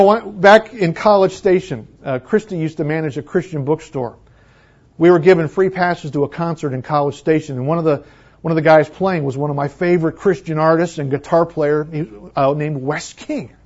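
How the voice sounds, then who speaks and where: Preaching to his congregation, this pastor speaks in a high voice that climbs to loud exclamations and sinks to near-whispers. The audio comes across dull and lo-fi.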